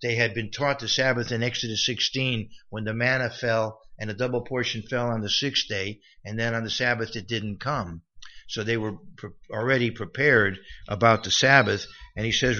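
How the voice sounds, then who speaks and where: Male preacher, casual Bible-study delivery, bright voice, mid pitch. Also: dull audio. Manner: conversational, many restarts and asides. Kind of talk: Bible teaching sermon.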